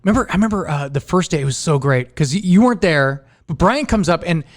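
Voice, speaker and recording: A man hosting a podcast, chatting casually and telling lively work stories, acting out what coworkers said. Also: fairly high pitch, fast talker. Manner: animated storyteller, acts out quotes of coworkers. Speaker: podcast host. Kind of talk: casual chat.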